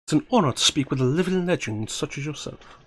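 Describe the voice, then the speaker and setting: A man's voice: a little high, expressive, fast, husky. A man voicing a polite, eager young woman who works as a tech specialist, greeting someone formally.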